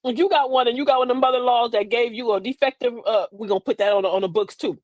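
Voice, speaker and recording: A woman's voice: fairly high pitch, very fast, darkish tone, no echo, lo-fi sound. An older woman, hosting a comedic livestream, telling stories with quoted voices and frequent laughter. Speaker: livestream host.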